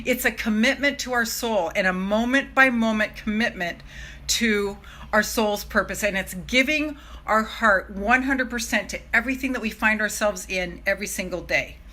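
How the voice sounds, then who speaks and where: Bright-voiced emphatic motivational woman. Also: medium pitch, normal speed. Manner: emphatic, swinging from hushed to loud exclamations; swears freely, laughs between phrases. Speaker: self-love coach. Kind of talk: live-streamed motivational talk.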